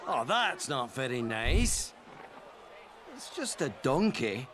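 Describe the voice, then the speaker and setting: A dry, grumpy ogre. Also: male voice, mid-range voice, very animated, slow, crowd noise. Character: gruff grumpy adult male ogre. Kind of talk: animated film acting.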